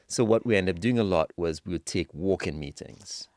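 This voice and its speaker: A man from Trinidad and Tobago, a podcast guest telling anecdotes in a relaxed, conversational way. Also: low voice, moderate pace, dry recording, studio quality. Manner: relaxed anecdotal storytelling, agrees often. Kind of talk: casual interview chat.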